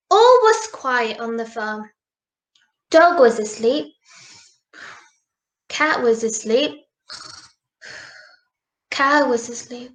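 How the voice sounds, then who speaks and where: A woman reading a picture book aloud to children in a slow, sing-song, animated way. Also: high-pitched. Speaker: storybook reader. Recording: roomy echo.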